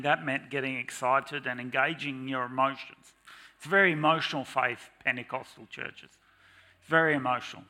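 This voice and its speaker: During a church sermon, a middle-aged man in a mid-range voice preaches with liveliness and drama. He sometimes mock-shouts to underline what he's saying.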